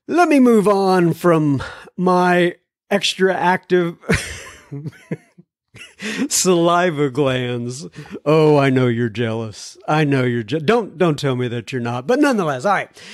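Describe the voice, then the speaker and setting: A man's voice: fairly high pitch, big pitch swings, takes it slowly, no room sound, studio quality. A man hosting a recovery podcast in a casual, chatty, self-deprecating way, often laughing as he talks. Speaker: podcast host.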